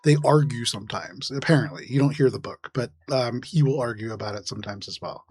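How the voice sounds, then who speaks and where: A man running a tabletop role-playing game. He describes each scene in a measured, atmospheric way, at an everyday pitch. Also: darkish tone, breathy edge, dry recording. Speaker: game master.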